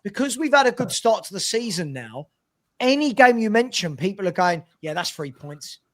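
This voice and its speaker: High-voiced man cautioning fellow fans. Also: very animated, moderate pace, a bit bright. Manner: emphatic, cautioning. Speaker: fan podcast panelist. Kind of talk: casual football debate.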